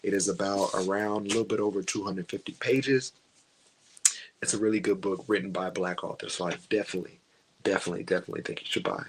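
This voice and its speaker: A man's voice: on the low side, steady tone, brisk, slight background noise, poor audio. A man chatting casually through a book review, rambling and stopping to hunt for names.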